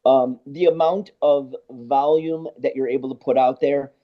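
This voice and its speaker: A man, a guest sound engineer, telling stories in a casual interview, animated and acting out both sides of conversations. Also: medium pitch, measured pace. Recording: dull lo-fi podcast audio.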